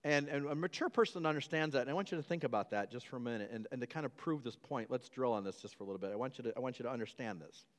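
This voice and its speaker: A man's voice: mid-range voice, lively intonation, very fast, hardly any pauses. A man preaching a sermon as pastor, emphatic and repetitive, often restarting his phrases. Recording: long hall reverb.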